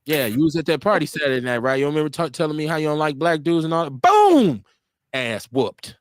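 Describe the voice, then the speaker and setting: A man in his forties hosting an internet radio show, telling stories in a casual, animated way, acting out what people said and swearing freely. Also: on the high side, rapid-fire, clean tone, no room sound, clean studio sound.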